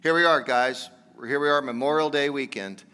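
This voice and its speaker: Bright-voiced pastor preaching in a reverberant hall. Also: male voice, medium pitch, normal speed, clear, resonant tone. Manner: conversational, earnest preaching that builds to emphatic exhortation. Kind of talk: sermon.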